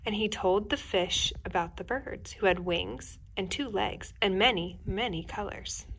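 Expressive woman reading a picture book. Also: medium pitch, measured pace, vocal fry, slight background noise. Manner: gentle, expressive, addresses kids directly. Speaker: teacher reading to children. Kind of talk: children's picture-book read-aloud. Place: indoors at home.

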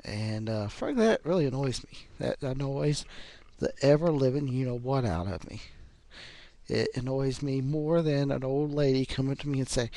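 A man in his thirties with a Southern US accent, talking casually to the camera in a halting way, with lots of pauses and fillers. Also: medium pitch. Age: 30s. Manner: relaxed, halting, many fillers. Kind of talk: casual video message.

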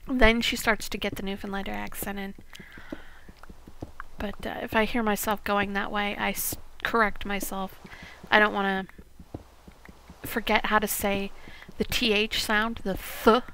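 A woman's voice: medium pitch, flat delivery, a little slow, sharp tone, a little hiss or hum, low-quality recording. A woman in her forties with a Midwestern American accent, chatting casually while she plays a game, rambling and dropping into half-whispered asides. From Iowa, United States. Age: 40s. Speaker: gaming video host. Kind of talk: casual gameplay chat.

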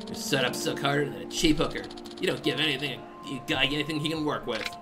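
A man's voice: medium pitch, fast, lightly acted. A man voicing an aimless former comedian who talks bluntly and a little sheepishly, with game music behind.

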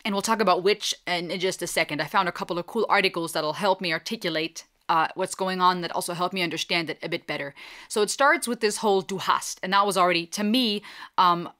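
A woman's voice: on the low side, pushed and bright. A woman from Germany hosting a reaction video, chatting casually, thinking aloud and dropping in German phrases. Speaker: reaction channel host.

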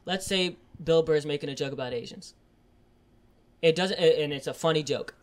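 Young man ranting on a podcast. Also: normal speed. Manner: swears constantly, rants and gets loud and high when heated. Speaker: podcast host. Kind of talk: casual podcast chat.

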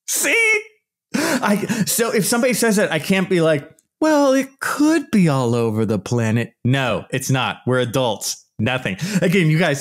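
Podcast host, male, exasperated blunt ranter, mid-pitched with a lively, swooping delivery. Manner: exasperated, emphatic, blunt and profane; mocks opponents in put-on voices. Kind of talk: casual ranting monologue.

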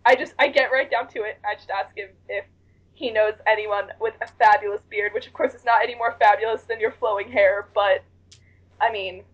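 A woman's voice: medium pitch, fairly even intonation, a little fast, dull audio. A woman playing a tabletop game in casual chat, self-conscious and laughing often. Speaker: player.

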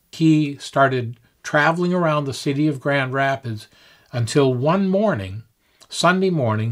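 An older man tells a story at a fireside gathering, unhurried and reflective. He pauses often with small fillers as he goes. His voice sits in a plain middle pitch.

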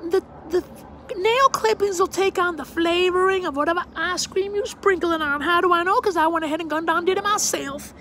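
A man's voice: very high voice, fairly bright tone, a little hiss or hum, pitched above the performer's own voice. A man voicing a prim Southern woman from Savannah who gives bossy tough-love advice in a matter-of-fact drawl. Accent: Savannah Southern put-on. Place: outdoor deck.

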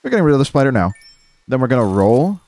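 A man's voice: mid-range voice, very animated, fast, darkish tone, a little hiss or hum. A man streaming a game with casual commentary, talking to himself, mocking his own moves and swearing now and then. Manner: self-mocking, talks to himself while playing; swears casually, says dude a lot. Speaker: gaming streamer.

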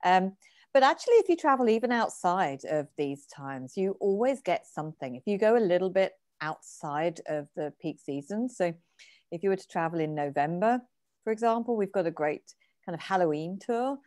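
A woman's voice: lowish voice, expressive, normal speed, a little mellow, dry recording, studio quality. A woman, a tour director chatting on a webinar, rambling with many restarts. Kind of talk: webinar chat. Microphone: video call.

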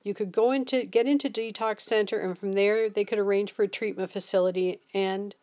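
A woman's voice: mid-range voice, steady tone, brisk, a little mellow, close to an everyday voice. A woman reading the lines of an earnest fifteen-year-old boy who pleads in plain words.

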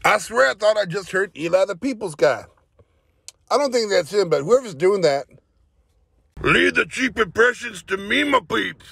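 A wisecracking male host delivers sarcastic voice-over commentary in a very high, husky voice. The sound is dry and close. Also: lively intonation, moderate pace, a bit bright, no echo.

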